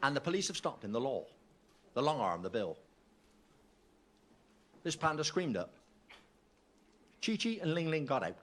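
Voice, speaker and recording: A man's voice: mid-range voice, very animated, normal speed, long pauses, a bit bright. A man doing stand-up, telling a chatty anecdote. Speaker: stand-up comedian.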